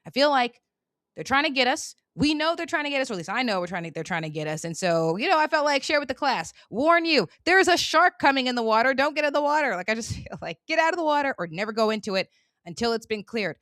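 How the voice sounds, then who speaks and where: A woman hosting her own channel, talking through a casual commentary monologue in an animated, emphatic and colloquial way. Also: high voice, fast, no echo, clean studio sound. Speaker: channel host.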